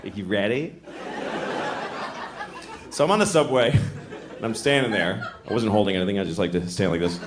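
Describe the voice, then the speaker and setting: A middle-aged male stand-up comedian telling stories in a deadpan, self-deprecating way and acting out voices. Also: medium pitch, fast. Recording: echoey live club recording with noise.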